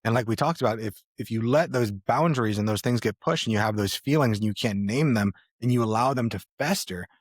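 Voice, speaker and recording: Low-voiced, reflective male podcast co-host. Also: fairly quick, few pauses, slightly rough, dry recording, studio quality. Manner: reflective, candid, with fillers and restarts. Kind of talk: casual podcast chat.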